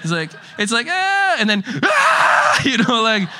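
A man's voice: high-pitched, fairly quick, very noisy. A young man preaching a casual sermon, rambling with frequent restarts and chuckling through stories. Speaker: pastor.

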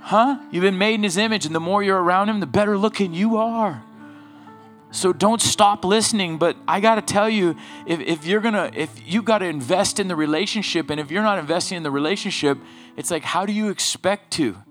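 A man's voice: high-pitched, fairly quick, fairly bright tone, faint music behind. A middle-aged man preaching a sermon to his congregation, talking casually with stories from daily life and rising into emphatic exhortation. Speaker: pastor.

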